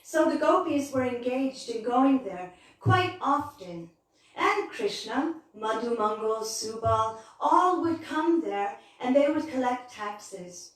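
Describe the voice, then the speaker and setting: A woman telling a devotional story in a lively, animated way. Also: a little high, takes it slowly. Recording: very echoey, from far off.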